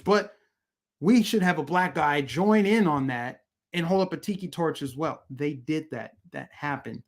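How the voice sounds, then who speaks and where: A man hosts a live-streamed political commentary show, talking to his chat in a heated, emphatic rant. He hammers his points home through repetition, and his voice sits fairly high for a man. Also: a little slow.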